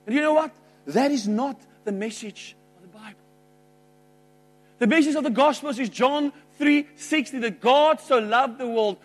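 A middle-aged man preaching a sermon, emphatic, jumping from loud outbursts to quiet asides. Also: very high-pitched, moderate pace. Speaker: pastor.

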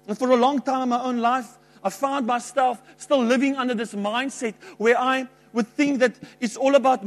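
A middle-aged man preaching a sermon, emphatic, jumping from loud outbursts to quiet asides. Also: very high voice. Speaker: pastor.

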